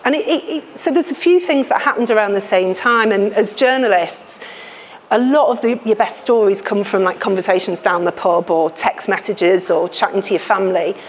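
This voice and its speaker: A woman's voice: mid-range voice, normal speed, a little hiss or hum. Frank Scouse woman giving a talk. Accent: Liverpool (Scouse). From Liverpool, England. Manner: frank, chatty, many restarts and fillers. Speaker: author and health journalist. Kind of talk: book launch talk to a live audience. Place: lecture room with audience.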